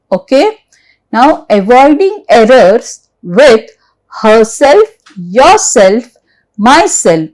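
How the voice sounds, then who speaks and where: Indian English woman, teacher type, high voice with lots of lift, unhurried. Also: darkish tone, poor audio. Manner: repeats examples slowly, checks with "okay?". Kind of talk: slide-based grammar lesson.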